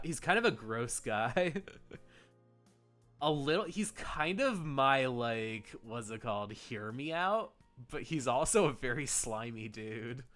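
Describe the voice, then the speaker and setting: A man's voice: mid-range voice, a bit bright. Giggly, rambling male game streamer. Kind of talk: casual gameplay commentary.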